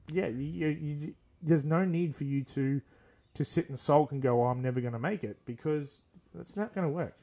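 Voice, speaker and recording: A man's voice: medium pitch, darkish tone. A young man, hosting a podcast and earnestly telling a rambling personal story, acting out the dialogue. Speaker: podcast host. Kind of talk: casual storytelling.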